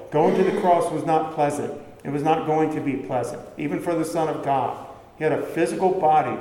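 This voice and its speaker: Speaking in a warm, slightly high voice, a man delivers a sermon in a conversational style, asking the congregation questions and then supplying the answers. The recording has the echo of a hall and some faint ambient sound.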